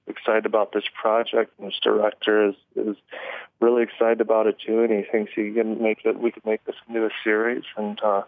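A man being interviewed over the phone about his fighting career, talking haltingly with many restarts and chuckles. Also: on the low side, monotone, dry recording. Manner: halting, restarts often, chuckles between thoughts. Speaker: MMA fighter guest. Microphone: phone call. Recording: tinny phone line.

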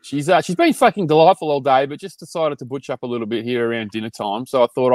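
Young Australian man, podcast co-host, relaxed banter, slightly tired, in his car, dry close sound. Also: medium pitch, fast, few pauses, dry recording. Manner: laid-back, laughs often, says mate a lot. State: short on sleep. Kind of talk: casual chat. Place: parked car.

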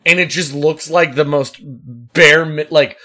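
A man's voice: a little high, steady tone, measured pace, pushed and bright. A man co-hosting a casual chat, joking around with lots of fillers. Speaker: podcast co-host.

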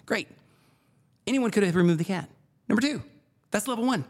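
A man hosting a podcast, telling a story in a casual, animated way and repeating phrases for emphasis. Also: high voice, a little fast. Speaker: podcast host.

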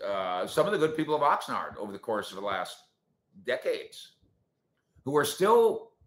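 A man's voice: mid-range voice, moderate pace, echoey room. A man hosting a casual sports talk show, ranting with strong opinions. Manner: opinionated, animated rants.

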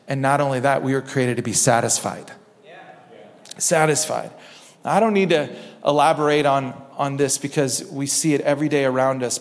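A man preaching a sermon in a church, impassioned, repeating phrases and dropping low and soft for emphasis. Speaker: pastor. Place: church sanctuary. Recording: long reverb of a church hall.

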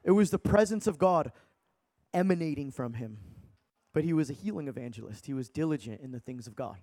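A man in his thirties preaching a sermon, telling stories in an animated, casual way with slang. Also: a little high, a little fast. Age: 30s.

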